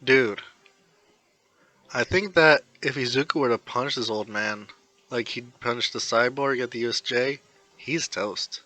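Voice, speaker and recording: A man voicing a laid-back teenage boy classmate with a low, casual delivery. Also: a little slow, pushed and bright. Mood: worried.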